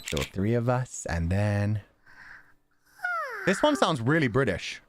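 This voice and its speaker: A man casually chatting on a livestream, excitable, laughing often and swearing now and then. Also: lowish voice, slow pace, background noise. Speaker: streamer.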